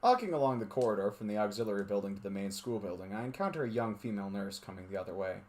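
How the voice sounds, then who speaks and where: A man with a fairly low, darkish voice talks rapid-fire with lively intonation. During a stream with friends he reads visual novel narration steadily, then chats casually, laughs and banters between passages.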